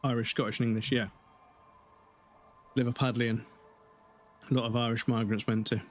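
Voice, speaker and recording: A man's voice: medium pitch, level tone, normal speed. A man from the UK giving casual, rambling commentary while live-streaming a game, with many hesitations.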